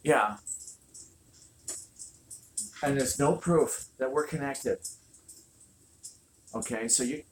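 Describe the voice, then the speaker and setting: A woman's voice: extremely low pitch, slow pace, long pauses, faint music behind. A woman hosting a casual livestream from home, talking with many fillers and restarts. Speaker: channel host. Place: home room with a fireplace.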